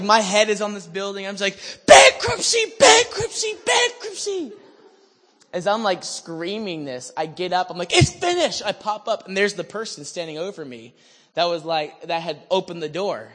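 Male preacher, animated testimony storyteller, higher voice, big reverberant church sound. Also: moderate pace. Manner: animated, swings from hushed to shouting. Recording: long hall reverb.

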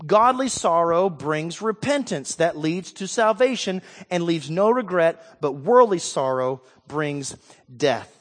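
High-voiced man preaching in a hall. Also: expressive, takes it slowly. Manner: emphatic preaching, swings from quiet to loud. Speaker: pastor. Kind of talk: sermon.

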